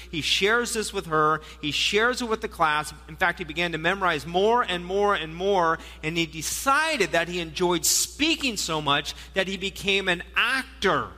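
A man preaching a sermon as pastor, telling stories in an animated way with playful asides, in a church hall. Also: high-pitched. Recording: long hall reverb.

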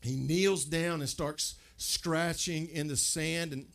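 Conversational preacher man, slightly high voice. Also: steady tone, slow, a bit bright. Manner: conversational preaching, asks the crowd questions, stammers and repeats words. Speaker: pastor. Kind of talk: sermon.

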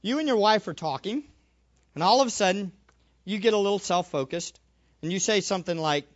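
Man preaching, acts out scenes, repeats lines for emphasis, very expressive pitch. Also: a little fast, muffled recording. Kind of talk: sermon.

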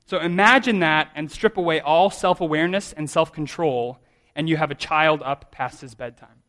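A man's voice: a little high, moderate pace, a bit bright. A man in his thirties, a pastor preaching a sermon in a conversational, self-deprecating way, often restarting his sentences.

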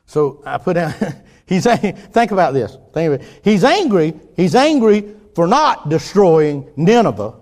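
An older man preaching a folksy sermon, restarting phrases and swinging from quiet asides to louder points. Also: sits high, very animated, unhurried.

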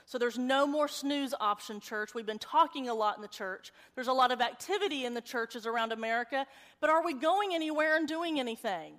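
A woman in her forties preaching a sermon in a church, animated and conversational, with a storytelling manner. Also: sits high, fairly quick, in a large hall.

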